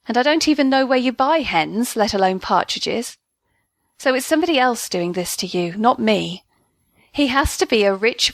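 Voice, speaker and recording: A woman's voice: a little high, no room sound, clean studio sound. A woman voicing a wry, exasperated man explaining things patiently to his ex-girlfriend in an audio story.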